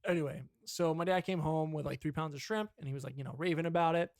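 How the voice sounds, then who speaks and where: A young podcast co-host with a slightly high voice talks fast in a casual chat, telling a rambling, profane story about his dad. The recording is dry and studio quality.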